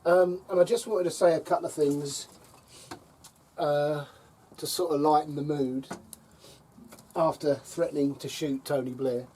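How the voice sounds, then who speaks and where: Here the allotment vlogger, a middle-aged man, sits by a fire on his plot and casually shares wry anecdotes, laughing softly between them and throwing in dry jabs. His mellow voice is fairly high and steady, delivered at a measured pace over slight background noise.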